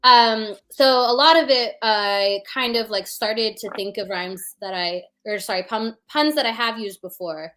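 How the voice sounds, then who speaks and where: A woman's voice: a little high, unhurried, hardly any pauses, fairly bright tone. A woman performing puns as a guest, chatting casually about how she writes them, with many fillers. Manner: chatty, many fillers, explains with rhythm sounds. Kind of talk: casual chat.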